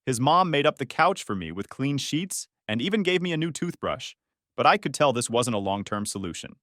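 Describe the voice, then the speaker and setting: A young man narrating a first-person story in an even, reflective way. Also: medium pitch, fairly quick, no echo, clean studio sound.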